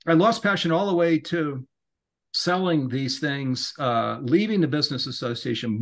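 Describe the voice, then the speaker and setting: A middle-aged man, a podcast guest, talking in an earnest, rambling way that grows animated when he is inspired. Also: medium pitch. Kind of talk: casual interview talk.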